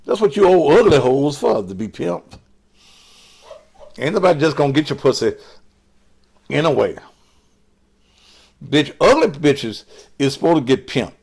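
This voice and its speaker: Older male host, profane, combative rant, lively pitch, slow unhurried delivery. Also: gravelly, breathy edge. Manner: crude, combative, cursing, mocking. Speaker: online show host. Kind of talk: profane live-stream rant.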